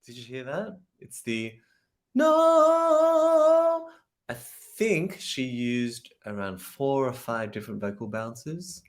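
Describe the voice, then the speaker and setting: A man's voice: medium pitch, a little slow, few pauses. A man working as a vocal coach, giving commentary on a song he is reacting to and explaining the singer's vocal technique. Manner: explains vocal technique, breaks into sung snippets.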